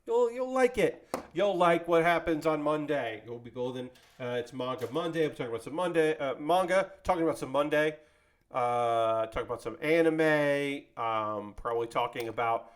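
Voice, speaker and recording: A man's voice: a little high, normal speed. A man chatting casually with his live-stream audience while building a model kit, rambling and joking as he goes. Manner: rambling, animated, jokey, talks to chat.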